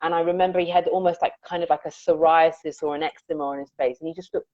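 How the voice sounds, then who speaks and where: A woman guest on an interview, talking about her music in a reflective, earnest way and acting out the lines she quotes. Her voice sits fairly low. The audio is dull and dry, like a remote call. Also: steady tone, quick pace, warm tone, no room sound. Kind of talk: conversational interview storytelling.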